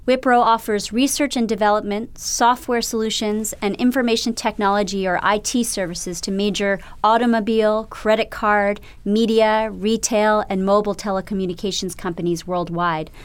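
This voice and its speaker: A woman hosting a radio interview show, narrating and asking measured, probing questions. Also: medium pitch, steady tone, smooth.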